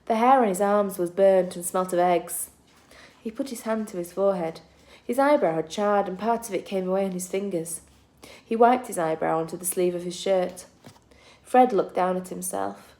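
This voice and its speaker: Woman teacher reading to her class, warm mellow tone, steady storytelling. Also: mid-range voice, moderate pace. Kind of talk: reading a children's book aloud.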